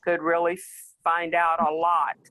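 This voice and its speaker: A person speaking in a reflective, halting way on a family video call. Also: mid-range voice, completely flat delivery, sharp tone, no room sound, poor audio.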